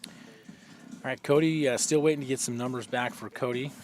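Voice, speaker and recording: A man's voice: medium pitch, fairly even intonation, brisk, faint music behind. A man giving live long-drive golf commentary, chatty and explanatory, often using fillers.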